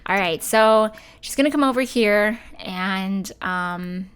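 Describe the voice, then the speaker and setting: A young woman hosting a let's play, chatting casually as she plays and voicing her game characters in quick asides. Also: medium pitch, fairly bright tone, smooth. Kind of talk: casual gameplay commentary.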